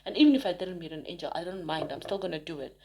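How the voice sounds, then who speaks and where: A woman's voice: lowish voice, rapid-fire, dark tone. A woman giving a casual spoken tarot reading to her viewers, chatty and emphatic, rambling with frequent restarts. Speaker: tarot reader.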